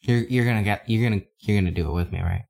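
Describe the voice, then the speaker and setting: A man's voice: fairly low pitch, rapid-fire, gravelly, a little mellow. A man co-hosting a podcast in casual chat, joking absurdly and laughing often. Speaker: podcast co-host.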